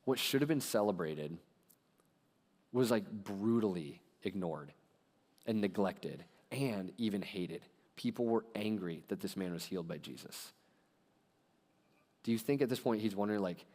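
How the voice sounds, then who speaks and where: Casual, animated man preaching in an echoing hall. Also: lowish voice, moderate pace, pauses often. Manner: casual, animated retelling with frequent "like". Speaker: pastor. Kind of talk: conversational sermon storytelling. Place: church sanctuary. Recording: long hall reverb in a church.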